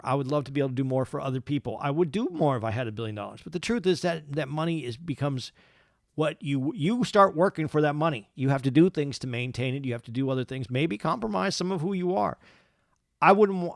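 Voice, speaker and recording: A man with a slightly high voice, chatting loosely on a podcast and stumbling through repeated words and restarts. The sound is dry and close, with no room around it. He circles his points instead of landing them directly. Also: fast, creaky, no echo. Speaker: podcast co-host. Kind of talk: casual podcast chat.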